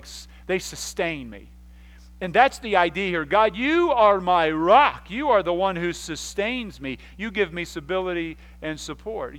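Male pastor, fairly high-voiced, animated storyteller who acts out scenes, repeats words and restarts his sentences. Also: poor audio. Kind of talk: sermon.

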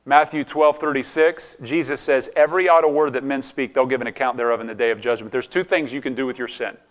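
A fast-talking middle-aged male pastor with a medium-pitched, steady voice preaches a sermon. He keeps it conversational, asking the congregation questions and often restarting what he's saying.

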